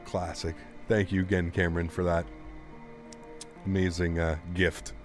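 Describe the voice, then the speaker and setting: A male streamer with a fairly low voice talks loosely to his chat. He keeps breaking into laughs and incredulous exclamations in a relaxed, conversational way. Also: measured pace, over music. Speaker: live streamer. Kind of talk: casual live-stream chat.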